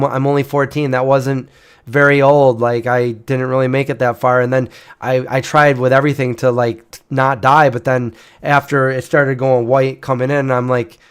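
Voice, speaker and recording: Man telling a story, rambling. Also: medium pitch. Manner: rambling, with frequent restarts and fillers. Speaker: channel host. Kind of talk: casual storytelling.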